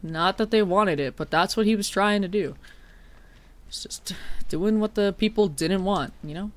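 A woman's voice: mid-range voice, moderate pace. Joking, swearing woman streamer. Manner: jokey, swears a lot, mock-dramatic wailing. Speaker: streamer playing a horror game. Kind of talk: casual game-stream chat.

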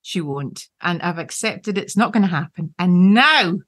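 A woman around sixty co-hosting a podcast, bantering and chiming in with quick affirmations. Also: fairly low pitch, a bit bright. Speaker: podcast co-host. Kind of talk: casual chat.

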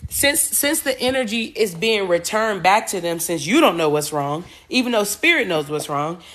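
A woman's voice: medium pitch, animated, moderate pace, fairly bright tone. A woman doing a casual tarot reading, talking bluntly with profanity and rambling asides, and growing emphatic as she goes. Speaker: tarot reader.

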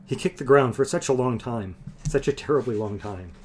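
A man reading aloud, voicing a gentle young male blacksmith who speaks shakily. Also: mid-range voice, normal speed, a little hiss or hum, natural voice. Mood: shaken. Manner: shaky, tearful.

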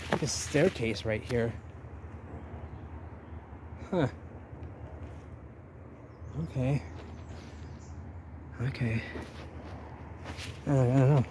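A man exploring ruins outdoors, rambling and thinking aloud to his camera and getting excited as he finds things. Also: fairly low pitch. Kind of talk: casual exploring vlog. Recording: noisy outdoor camera audio.

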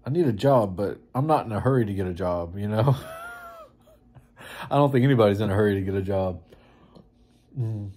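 A man's voice: on the low side, animated, moderate pace, long pauses, mellow. A man in a casual vlog, rambling and joking about himself as he goes about his day in a town in winter. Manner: rambling, self-mocking, chatty. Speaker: vlogger.

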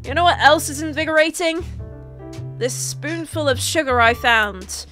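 A woman's voice: sits high, moderate pace, sharp tone, faint music behind. A young woman giving silly, theatrical commentary over a Minecraft video, often stumbling and restarting her words. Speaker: Minecraft YouTuber. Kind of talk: playful gameplay commentary.

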